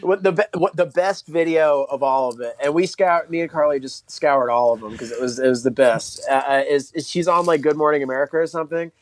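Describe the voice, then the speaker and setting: A man's voice: fairly high pitch, brisk, few pauses. Rambling, profane male podcast comedian. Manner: rambling, many fillers and restarts, profane. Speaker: podcast co-host. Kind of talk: casual comedic chat.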